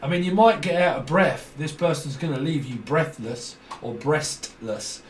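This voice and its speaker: A man's voice: fairly high pitch, normal speed. Jokey man, roomy and distant. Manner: freewheeling, jokey, laughs often. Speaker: tarot reader. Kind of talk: rambling solo tarot reading. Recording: roomy echo from a distant mic.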